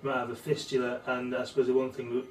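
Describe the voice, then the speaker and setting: Fast-talking man recapping, roomy sound. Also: medium pitch, completely flat delivery. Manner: recapping, prompting, frequent agreement. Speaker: clinician interviewer. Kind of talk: clinical teaching discussion. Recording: echoey room, distant mic, faint noise.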